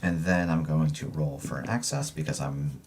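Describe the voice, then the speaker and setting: A man, a guest player on a card-game stream, deliberately talking through each move as he thinks aloud. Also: a bass voice, animated, darkish tone.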